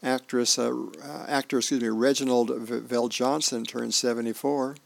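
A man, a volunteer reader, reading newspaper comics and birthdays aloud in a relaxed, homey way with small asides. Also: mid-range voice, moderate pace, gravelly.

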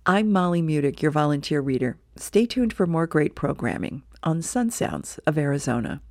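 A woman volunteer reader reading the newspaper aloud for a radio reading service, relaxed and plain, with small self-corrections. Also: low voice, normal speed, dry recording, clean studio sound.

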